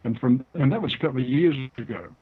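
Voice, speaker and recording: An older man with a New Zealand accent speaks in a deliberate, explaining way, as a guest being interviewed. His voice sits at an ordinary pitch for a man. It comes through a narrow, tinny phone line. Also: lively intonation, breathy edge. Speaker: guest author.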